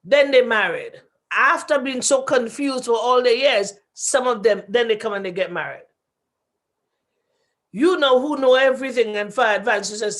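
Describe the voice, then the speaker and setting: A woman's voice: sits high, lively intonation, unhurried, fairly bright tone. A woman, a radio guest talking and acting out quoted voices as she tells stories. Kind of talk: radio talk show discussion.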